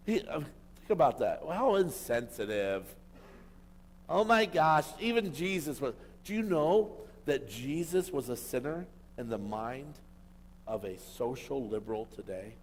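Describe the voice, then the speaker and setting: A man's voice: a little high, very animated, a little slow. Emphatic man preaching in a reverberant hall. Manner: emphatic, rhetorical questions, swings between loud and quiet. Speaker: pastor. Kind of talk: sermon. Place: church hall.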